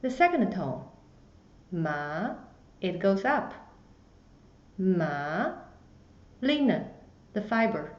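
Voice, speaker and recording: A woman teaching a beginner lesson, slowly demonstrating each tone with exaggerated pitch. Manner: slow, careful, exaggerated tone demonstrations. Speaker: Chinese language teacher. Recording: roomy, slightly dull recording.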